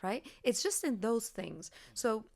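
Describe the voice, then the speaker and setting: A woman hosting a podcast, talking earnestly and expressively in a reflective conversation, getting animated when she makes a point. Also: on the high side, slow pace, creaky. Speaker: podcast host.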